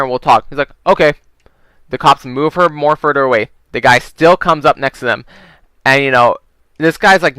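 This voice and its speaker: Bright, crisp young man rambling stories. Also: mid-range voice, dry recording. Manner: rambling, swears often, many "you know"s. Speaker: gaming video creator telling stories. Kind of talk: casual storytelling over gameplay.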